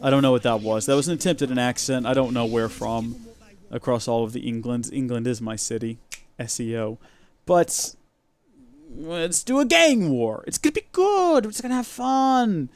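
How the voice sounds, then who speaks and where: A man's voice: mid-range voice, normal speed. A man hosting a gaming video, giving chatty, wry and sarcastic commentary as he plays. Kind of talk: let's play commentary.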